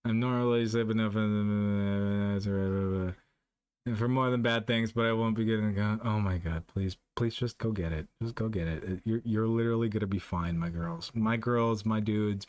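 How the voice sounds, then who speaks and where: A Canadian man streaming live, reading chat and ranting about vaccines, exasperated and profane, swinging between loud outbursts and low muttering. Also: fairly even intonation, normal speed, dry recording. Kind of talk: casual livestream chat.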